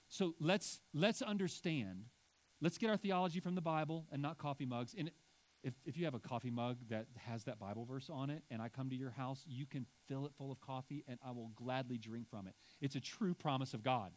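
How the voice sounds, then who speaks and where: Male pastor, middle-aged, mid-high voice, chatty and emphatic from the pulpit. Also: expressive, fairly quick. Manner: conversational, emphatic preaching with asides to the congregation. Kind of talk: sermon.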